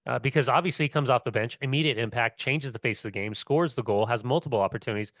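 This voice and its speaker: A man's voice: mid-range voice, quick pace, a bit bright, dry recording, studio quality. A middle-aged man, a former player co-hosting a soccer podcast, telling long rambling stories packed with "like" and swearing. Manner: rambling, storytelling, heavy on "like" and swearing. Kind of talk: casual sports chat.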